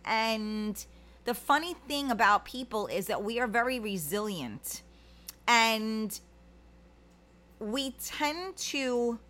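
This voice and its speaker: A woman's voice: on the high side, fairly bright tone. A middle-aged woman, chatting casually as a livestream host and reading out viewer comments, rambling with many fillers.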